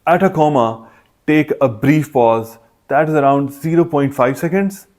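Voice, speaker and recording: A man's voice: a little high, a little slow, a little mellow. A man teaching exam preparation in a methodical, scripted way, listing points one by one. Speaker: test prep instructor. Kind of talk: scripted instructional explanation.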